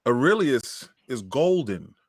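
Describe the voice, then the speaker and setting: A man co-hosting a gaming podcast who tells stories in an animated, emphatic way. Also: mid-range voice, takes it slowly, slightly rough, no echo, clean studio sound. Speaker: podcast co-host. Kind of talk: casual podcast chat.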